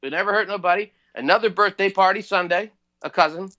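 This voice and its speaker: A man's voice: sits high, fast talker, sharp tone, dull audio. A man from New Jersey co-hosting a podcast, chatting in a rambling, upbeat way with lots of fillers. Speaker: podcast co-host. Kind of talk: casual podcast chat.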